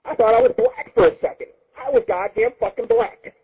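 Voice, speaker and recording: A man hosting an internet radio show, telling crude rambling stories in a profane, excitable monologue. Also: extremely high pitch, a little fast. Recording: husky lo-fi phone-line sound.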